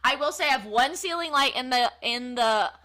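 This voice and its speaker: A woman co-hosting a podcast, chatting casually and telling stories with emphatic, animated delivery. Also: high-pitched, normal speed. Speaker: podcast co-host. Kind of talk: casual chat.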